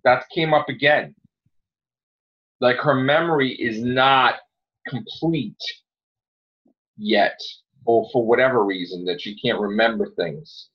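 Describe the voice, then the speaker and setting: A man's voice: medium pitch, slow, long pauses. A man hosting a casual podcast chat, ranting and swearing freely. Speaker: podcast host. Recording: dull lo-fi audio.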